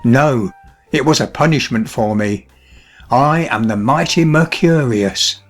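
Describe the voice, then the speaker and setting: A man voicing a trapped spirit in a fairy tale that grows huge and threatens, crying out high and muffled or speaking haughtily. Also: unhurried, soft background music, lightly acted. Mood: menacing. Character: trapped then towering menacing male spirit.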